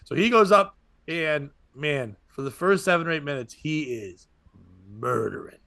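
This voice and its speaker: A man's voice: fairly high pitch, expressive, normal speed, gravelly, pushed and bright, dry recording. A man, a comedian and podcast host, tells a rambling stand-up story and acts out other people's lines as he goes.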